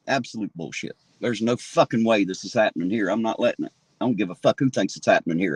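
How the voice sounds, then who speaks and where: On a town street, a man livestreams from his phone, ranting in anger and swearing constantly. His voice sits lowish and husky with lively intonation, and he talks fast with few pauses; the recording is dry.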